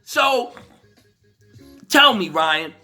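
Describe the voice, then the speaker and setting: A man's voice: sits high, big pitch swings, very slow, bright, forceful tone, faint music behind. A man giving a profane, casual commentary rant, mocking and laughing often, with frequent stammered restarts. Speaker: commentary vlogger.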